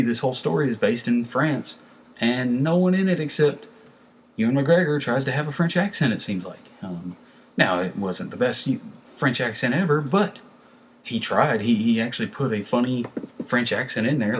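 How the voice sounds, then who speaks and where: A man's voice: medium pitch, lively intonation, normal speed, breathy edge. A man reviewing a film in a casual, rambling way, with many fillers and restarts. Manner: conversational, lots of fillers and restarts. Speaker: movie reviewer.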